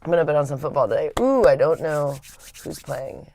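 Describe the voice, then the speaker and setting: A woman's voice: sits low, expressive, fairly quick, noisy background. A woman hosting a live stream in casual chat, rambling and chatty with a lot of filler words. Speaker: livestream host.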